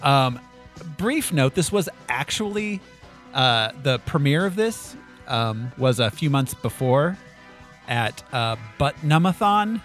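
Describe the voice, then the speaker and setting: A man's voice: mid-range voice, lively intonation, takes it slowly, fairly bright tone, soft background music. A man hosting a casual movie podcast, joking and laughing often as he talks. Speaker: podcast host.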